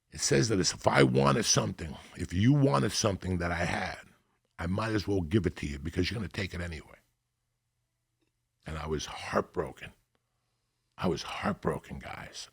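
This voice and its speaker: A middle-aged man from Cuba, a podcast guest telling stories in a profane, animated way and acting out what people said. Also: low-pitched. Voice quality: gravelly, husky. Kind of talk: storytelling in casual chat.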